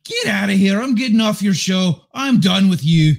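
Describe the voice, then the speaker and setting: A man's voice: high-pitched, lively intonation, normal speed, creaky, voice pushed up, full character voice. A man putting on a grumpy, sneering Scottish critic with an indignant, huffy manner.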